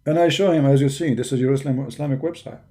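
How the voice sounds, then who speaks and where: A man's voice: mid-range voice, fast talker, warm tone. Combative man with an Arabic accent. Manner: combative, mocking, emphatic. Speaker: religious debater. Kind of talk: polemical monologue.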